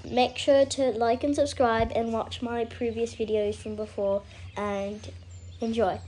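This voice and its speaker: Woman vlogger, casual rambling chat, slightly high voice, faint background noise. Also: level tone, unhurried. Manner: chatty, rambling, trails off into soft asides.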